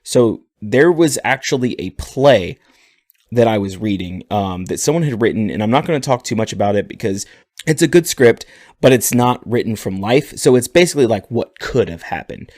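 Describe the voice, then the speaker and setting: A man co-hosting a podcast, telling a story in a relaxed, casual way. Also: medium pitch, moderate pace, no room sound, studio quality. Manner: relaxed storytelling, laughing often. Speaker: podcast co-host.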